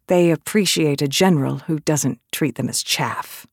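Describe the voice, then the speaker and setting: A woman's voice: deep voice, moderate pace, slightly rough, no room sound, studio quality. An actress playing a blunt, battle-weary woman general in an audiobook drama, plainspoken and direct. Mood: earnest.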